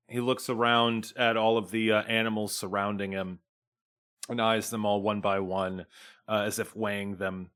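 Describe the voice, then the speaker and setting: A young man narrating a tabletop game as game master, unhurried and quick to laugh. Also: fairly low pitch, level tone, a bit bright, clear, resonant tone.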